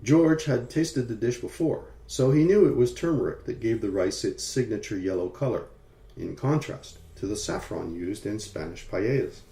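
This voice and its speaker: A man reading a story aloud in calm, measured audiobook narration. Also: on the low side. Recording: roomy echo.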